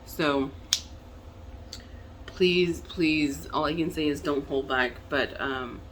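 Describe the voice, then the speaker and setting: A young adult woman from the Navajo Nation, talking to camera in a candid personal vlog, halting with fillers and restarts. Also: low-pitched, a little hiss or hum. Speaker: vlogger.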